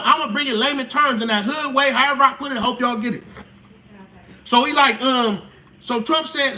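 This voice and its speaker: High bright-voiced man, slangy and animated. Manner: animated, slangy, acts out quotes. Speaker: live stream host. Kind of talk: casual explainer monologue.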